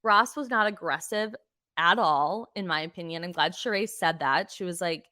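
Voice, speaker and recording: A woman's voice: mid-range voice, big pitch swings, moderate pace, a bit bright, dry recording, studio quality. A woman hosting a podcast, giving a chatty, exasperated recap of reality TV with plenty of swearing. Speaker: podcast host.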